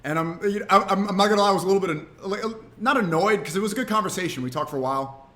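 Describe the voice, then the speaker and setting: A man streaming, telling a story in a casual, animated, rambling way with frequent restarts. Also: high-pitched, rapid-fire.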